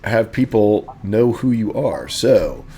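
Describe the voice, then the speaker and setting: Man, game master, playful, chatty, lowish voice. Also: big pitch swings, takes it slowly, warm tone, slightly rough. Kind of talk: narrating a tabletop game.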